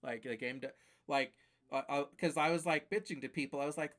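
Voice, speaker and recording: A man's voice: a little high, a little fast, fairly bright tone. A man streaming live, ranting casually and profanely about games that beat him, rambling with fillers.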